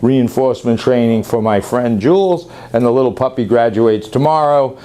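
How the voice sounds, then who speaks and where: A man's voice: mid-range voice, moderate pace, warm tone. A man working as a dog trainer, giving a rambling, chatty on-camera demonstration that often corrects itself mid-sentence.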